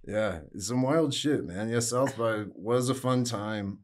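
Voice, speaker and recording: A man's voice: mid-range voice, measured pace. A man, a guest musician, casually telling rambling stories and swearing freely. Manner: laid-back, rambling, swears freely, acts out quotes. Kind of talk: casual storytelling.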